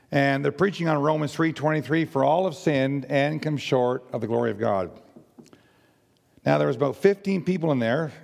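An older man giving a personal testimony in a halting, earnest way with many restarts. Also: mid-range voice, vocal fry, darkish tone. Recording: long hall reverb.

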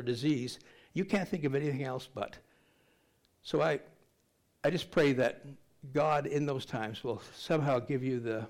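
A man's voice: fairly high pitch, a little mellow. An older man preaching a sermon to his congregation in a conversational, joking way. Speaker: pastor.

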